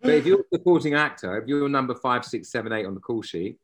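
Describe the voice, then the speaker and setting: A man's voice: mid-range voice, sing-song, quick pace. A man, a guest actor telling rambling stories in casual chat and often breaking off mid-sentence. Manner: rambling, self-interrupting, anecdotal.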